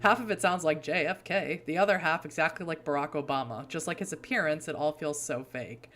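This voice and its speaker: A woman's voice: low-pitched, brisk, a bit bright. A woman from Boston, a streamer, chatting casually with rambling asides while reading a game aloud. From Boston, USA.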